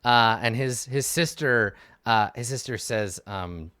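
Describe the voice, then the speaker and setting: A man's voice: medium pitch, slow, pushed and bright, clean tone, dry recording, studio quality. A man narrating a tabletop game as game master, hesitant and full of fillers.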